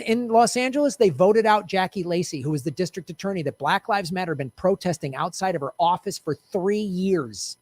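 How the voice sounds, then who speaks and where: Man, political commentary host, heated rant, blunt, profane, high voice, dry close sound. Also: no room sound. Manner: fiery, blunt, profane, repetitive.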